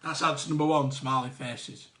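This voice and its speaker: A man's voice: medium pitch, steady tone, moderate pace, fairly bright tone. A man hosting a live online quiz, reading out answers with jokey, chatty asides. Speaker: quiz host.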